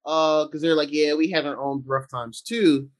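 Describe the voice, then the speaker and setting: A man co-hosting a casual movie talk show, rambling excitedly and acting out scenes with lots of fillers. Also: on the high side, moderate pace. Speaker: podcast co-host.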